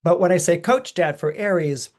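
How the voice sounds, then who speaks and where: This podcaster talks through astrology at a normal speed, animated and laughing frequently, and he performs quoted voices with dramatic pitch swings.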